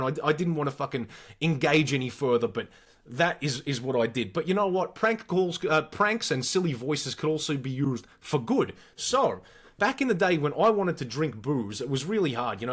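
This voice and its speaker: Animated, swearing Aussie bloke, high voice. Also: male voice. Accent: Australian. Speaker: podcast co-host. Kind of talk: casual storytelling chat.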